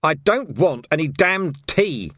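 A gruff, worn-out watch commander, as a male narrator voices him, snapping in irritable bursts. The voice rises a little above the narration and stays lively. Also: fairly high pitch, a little fast, no room sound, clean studio sound, pitched above the performer's own voice. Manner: irritable, forceful outbursts.

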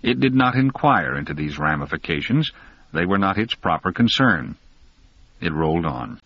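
A man with a very deep, low voice reads a story aloud in a measured, deliberate way, leaning on key words. The recording sounds dull and lo-fi, with the top end muffled. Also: big pitch swings. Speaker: audiobook narrator. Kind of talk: scripted narration.

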